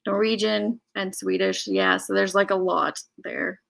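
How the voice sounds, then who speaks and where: A woman's voice: medium pitch, unhurried, vocal fry, a bit bright. A woman from Illinois hosting a casual live-stream chat, chatty and laughing often as she reads out viewer messages. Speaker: host.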